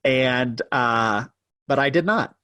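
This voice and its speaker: Animated man telling a story, dry sound. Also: mid-range voice, clear, resonant tone, dry recording. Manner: animated storytelling, pace speeding up and slowing for effect; self-deprecating, chuckling. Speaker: guest storyteller. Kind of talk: casual storytelling interview.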